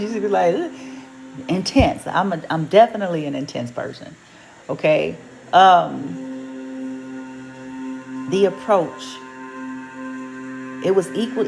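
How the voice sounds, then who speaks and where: A woman's voice: on the low side, vocal fry, poor audio. A woman telling a casual story as a vlogger and reiki practitioner, chatty and colloquial, laughing often and acting out the lines of the people she quotes. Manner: animated, laughing, colloquial, acts out quoted dialogue. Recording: music playing in the background.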